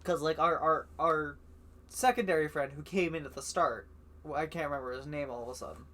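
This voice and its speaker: A man's voice: a little high, a little fast, sharp tone. A man streaming a story game live, talking in a chatty, rambling way with frequent swearing. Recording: guitar music playing underneath.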